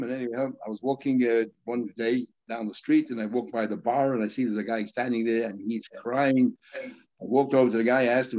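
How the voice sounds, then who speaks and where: A man's voice: medium pitch, fairly even intonation, fairly quick. A male rabbi giving a Talmud lesson, explaining terms step by step in a conversational way. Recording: slightly dull lo-fi audio.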